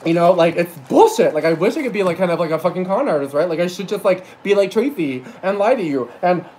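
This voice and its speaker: A man's voice: high voice, expressive, quick pace, darkish tone, a little hiss or hum, rough recording. A tipsy man working as a psychic reader, ranting and rambling through a profane livestream monologue, teary at times and correcting himself as he goes.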